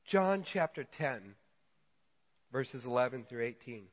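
A man preaching a sermon, telling stories and acting out quotes with lively emphasis. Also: mid-range voice, measured pace. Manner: storytelling, animated quoting. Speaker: pastor. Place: church hall. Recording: dull sound in a reverberant church hall.

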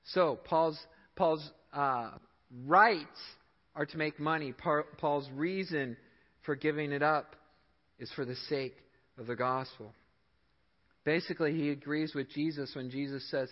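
A man's voice: a little high, a little slow. A man preaching a sermon as a church pastor, emphatic, his voice climbing and dropping to stress his points. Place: church sanctuary. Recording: dull sound in a reverberant hall.

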